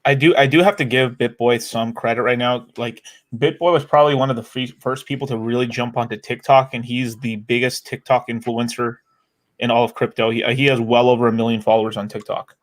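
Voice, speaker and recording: Casting: male co-host, mid pitch, loose, swears a lot, laughs through lines. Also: fairly even intonation, a little fast. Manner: loose, profane, laughs often. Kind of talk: casual live-stream chat.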